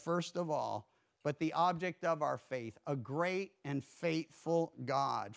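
A man pastor preaching a sermon in a church, earnest, swinging between emphatic rises and hushed drops. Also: high voice, gravelly.

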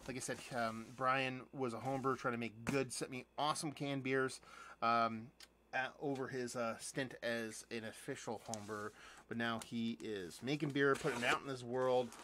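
A beer reviewer and channel host runs a casual live beer unboxing, chatty and rambling with lots of fillers, restarts and some casual swearing. His medium-pitched voice is steady, bright and forceful at a moderate pace, with a little hiss or hum.

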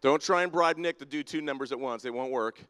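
Man, church leader, playful teasing, smooth voice, big echoing sanctuary. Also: medium pitch, brisk, a bit bright. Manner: teasing, upbeat, calling people down by name. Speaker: church leader running a congregation activity. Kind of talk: leading a playful audience-participation segment. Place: large church sanctuary with balcony and spotlights. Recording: long reverb of a big hall.

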